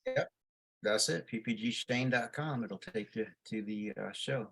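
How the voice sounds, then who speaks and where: A man's voice: mid-range voice, unhurried, gravelly, a bit bright. A man on a podcast panel, joking around, laughing often and plugging his show. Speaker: panel regular, show organizer. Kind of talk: casual panel chat.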